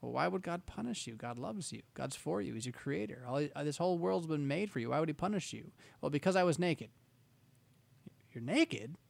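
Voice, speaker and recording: A man's voice: fairly high pitch, expressive, fast talker, gravelly, few pauses, darkish tone, no echo. A man giving conversational Bible teaching, rambling and self-interrupting, with wry asides.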